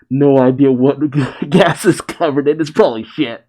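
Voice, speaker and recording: A man's voice: mid-range voice, normal speed, few pauses, darkish tone, muffled recording. A man casually recapping and reacting to a comic chapter, amused and laughing often. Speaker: manga reaction host.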